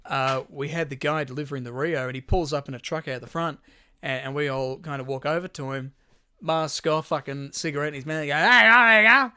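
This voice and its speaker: Bright-voiced guy telling rambling stories. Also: medium pitch, fairly even intonation, fairly quick, clear, resonant tone, no echo, clean studio sound. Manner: rambling storyteller, lots of swearing and restarts. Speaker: podcast co-host. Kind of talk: casual chat.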